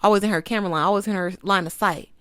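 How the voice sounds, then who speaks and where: A woman's voice: mid-range voice, very fast, smooth, no echo, clean studio sound. A young woman giving a sassy, emphatic casual commentary as she reviews a documentary.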